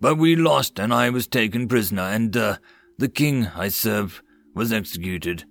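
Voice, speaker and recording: A man's voice: lowish voice, animated, moderate pace, creaky, a bit bright. A man voicing a proud young male knight with a brassy, blunt way of speaking.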